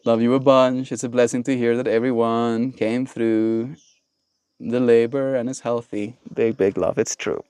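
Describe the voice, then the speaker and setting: A man's voice: medium pitch, steady tone, unhurried, darkish tone, clear, resonant tone, no echo. Playful man chatting on a live stream. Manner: playful, laughs often, mock voices for viewers. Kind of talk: casual live-stream chat reading chat messages. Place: outdoors with mosquitoes.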